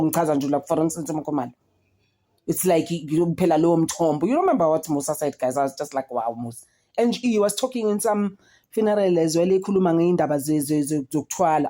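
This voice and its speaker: A young South African woman talks through a reality show in a loose, gossipy way, often turning to her viewers. Her voice sits low and has a dark, mellow tone. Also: brisk. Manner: chatty, code-switching, animated gossip with frequent "guys" and laughs. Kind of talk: casual chat.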